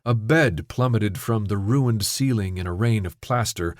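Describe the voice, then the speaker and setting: A man reading an audiobook novella in steady, measured scripted narration. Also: lowish voice, no echo, studio quality.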